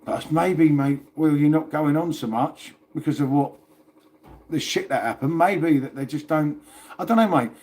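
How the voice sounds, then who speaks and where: A man's voice: on the high side, normal speed, a little mellow. A man hosting a casual livestream, chatting and rambling to viewers and swearing now and then. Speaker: livestream host.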